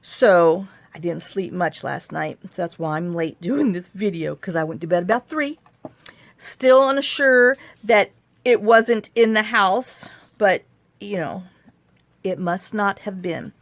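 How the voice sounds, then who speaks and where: A woman telling a story in a casual vlog, animated and acting out the quotes. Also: medium pitch, slow pace, no echo. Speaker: crafting vlogger.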